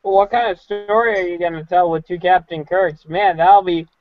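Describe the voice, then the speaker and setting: A man with a high voice earnestly argues his point on a podcast call, working through it with likes and ums. The audio is dry and dull, with a lo-fi edge. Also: fairly even intonation, normal speed, no room sound. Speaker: podcast guest. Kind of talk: casual online podcast chat. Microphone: online call mic.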